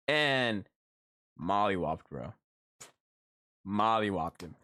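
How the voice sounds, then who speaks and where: A man with a lowish voice live streams, telling stories slowly with frequent pauses in a casual storytelling chat. He's animated and slangy, swears freely, and breaks into laughter.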